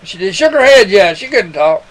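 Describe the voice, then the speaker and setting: A man's voice: high-pitched, sing-song, moderate pace, poor audio. A man telling a personal testimony to his webcam, rambling and earnest, calling the listener son. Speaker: webcam storyteller.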